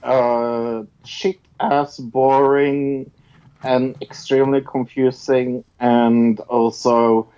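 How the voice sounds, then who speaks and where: A man's voice: medium pitch, little pitch movement, drawn-out words, mellow, clear, resonant tone. A man from Norway with a Norwegian accent, co-hosting a podcast in casual chat, blunt, laughing often and swearing. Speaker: podcast co-host. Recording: dull lo-fi sound.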